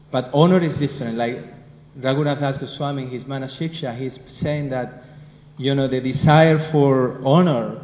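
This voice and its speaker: With a Spanish accent and a warm, mellow, medium-pitched voice, a man leads a devotional scripture class, chatting conversationally and repeatedly asking the room questions. A long, spacious hall echo surrounds him, with faint hiss underneath.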